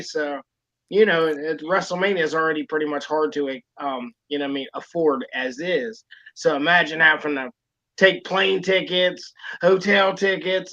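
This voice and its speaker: A man's voice: on the high side, bright, forceful tone, lo-fi sound. A man co-hosting a wrestling podcast, talking casually and rambling with lots of fillers. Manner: rambling, lots of fillers and "you know what I mean". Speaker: podcast co-host.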